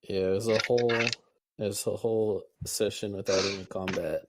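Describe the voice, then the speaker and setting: A man running a tabletop game as game master, narrating in a relaxed, halting way with fillers. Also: lowish voice, noisy background.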